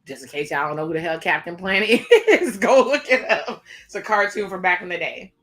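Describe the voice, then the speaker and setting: Sassy, bright-voiced woman reacting. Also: on the low side, animated, brisk. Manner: chatty, sassy asides to viewers, frequent laughs. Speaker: reaction video host. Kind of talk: casual reaction commentary.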